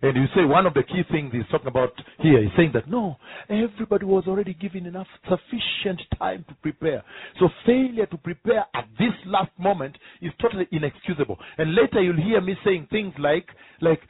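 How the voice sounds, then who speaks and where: A man's voice: high voice, animated, a little fast, husky, no echo. A man preaching a sermon, emphatic and repetitive, often turning to ask the listeners rhetorical questions. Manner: emphatic, repeats key phrases, asks the audience rhetorical questions. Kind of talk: sermon teaching. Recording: tinny phone-like line.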